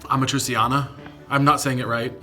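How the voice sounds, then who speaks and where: A man's voice: mid-range voice, soft background music. A young adult man, a comedian guest, chatting in a playful, mock-outraged rant full of swearing. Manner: animated mock-outraged ranting, fast and loud. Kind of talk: casual comedic chat.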